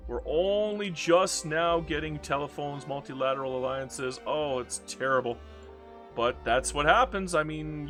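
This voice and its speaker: Gaming YouTuber, male, a touch high-pitched, jumps from excited outbursts to muttering; light music bed. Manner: excitable, swings between exclaiming and mumbling. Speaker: strategy game YouTuber. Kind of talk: casual gameplay commentary.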